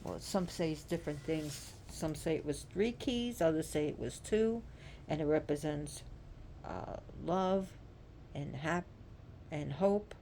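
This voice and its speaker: A woman retelling a myth with deep feeling, repeating phrases and asking the listener direct questions. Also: measured pace, dark tone, slight background noise. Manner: impassioned, repetitive, asks the listener direct questions. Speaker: storyteller. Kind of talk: emotional oral storytelling of myth.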